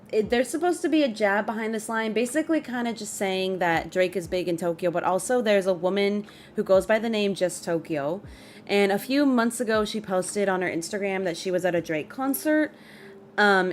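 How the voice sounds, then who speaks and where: Woman streamer just chatting, laid back, reads stuff out and talks to chat, bit of noise. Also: medium pitch. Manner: chatty, reads lyrics aloud, greets chat. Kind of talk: casual livestream commentary.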